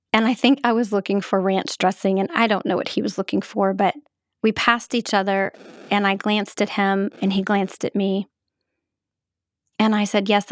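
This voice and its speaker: A middle-aged woman telling her own story as a podcast host, in a measured, halting, emotional way. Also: medium pitch, no echo, clean studio sound. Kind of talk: reflective personal storytelling.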